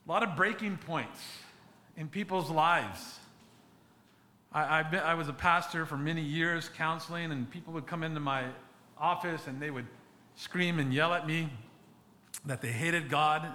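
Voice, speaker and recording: A man preaching a sermon as a pastor, speaking earnestly and haltingly, often restarting and repeating words. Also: fairly high pitch, bright, forceful tone.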